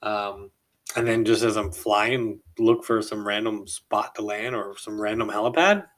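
A man's voice: on the low side, a little slow, fairly bright tone. A male podcast host telling a story in a loose, casual monologue, rambling and chuckling mid-sentence.

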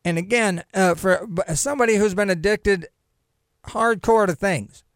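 A man's voice: high-pitched, normal speed, dry recording, clean studio sound. A man hosting a podcast on his own, joking and rambling as he reads news items aloud and wanders off into asides. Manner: rambling, joking, self-interrupting. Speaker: podcast host. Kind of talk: casual solo commentary, reading news aloud.

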